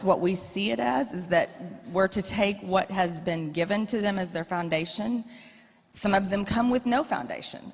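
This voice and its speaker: A woman's voice: mid-range voice, breathy edge. A woman in her forties telling frank, joking stories about her family and her coach husband to an audience. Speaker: coach's wife, guest. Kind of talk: candid storytelling to an audience. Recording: echoey hall.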